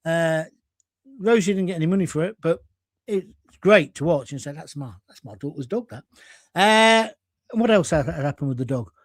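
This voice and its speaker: A man's voice: fairly high pitch, expressive, normal speed, dry recording, clean studio sound. A middle-aged man from England hosting a live stream, reading out viewer comments in a blunt, combative, chatty way and swearing freely. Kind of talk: casual live-stream chat.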